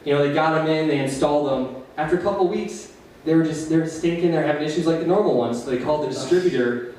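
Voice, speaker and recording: A man's voice: on the high side, fast, a little mellow. A man with an Upper Midwest American accent doing stand-up at an open mic in a small cafe, rambling through long jokes with nervous laughs. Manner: rambling, self-deprecating joke telling with nervous laughs. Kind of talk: stand-up comedy. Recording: very echoey room, distant mic, faint hiss.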